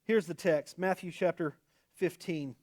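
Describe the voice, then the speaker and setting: A male pastor delivers a sermon in a high, lively voice that swings between emphatic outbursts and quieter asides. He talks casually and with humor. The sound is close and dry. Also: a little slow, no echo.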